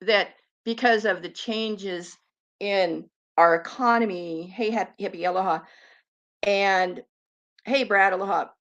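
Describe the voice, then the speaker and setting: A woman's voice: mid-range voice, measured pace, fairly bright tone, muffled recording. A woman giving scornful, sarcastic commentary on video clips, swearing freely. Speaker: commentary vlogger. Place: lives on an island.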